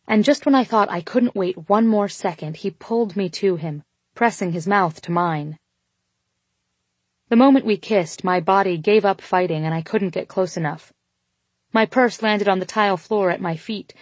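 A woman reading a first-person romance story aloud, intimate and expressive, voicing the dialogue as she goes. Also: lowish voice, no echo. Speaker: audiobook narrator.

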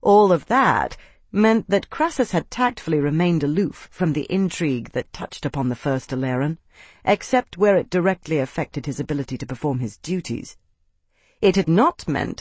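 Man, audiobook narrator, fantasy story, fairly high voice, dry studio sound. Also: husky, no room sound.

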